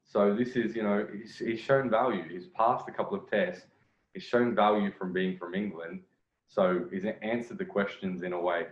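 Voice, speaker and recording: A man's voice: lowish voice, fairly even intonation, normal speed. A man giving casual, blunt commentary on a video as a dating coach, swearing freely and restarting his phrases. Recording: echoey room, lo-fi sound.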